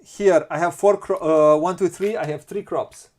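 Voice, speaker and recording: A man's voice: sits high, fairly even intonation, normal speed, darkish tone. A man with a Romanian accent playing a board game, counting pieces and thinking aloud as he plans his moves. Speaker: board game channel host. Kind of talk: casual board game playthrough.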